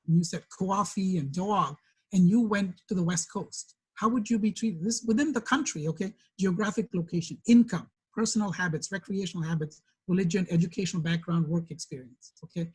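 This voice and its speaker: A man's voice: sits high, brisk, few pauses, dark tone, breathy edge, poor audio. A man with a New York accent giving a corporate diversity training, conversational and often checking in with the room.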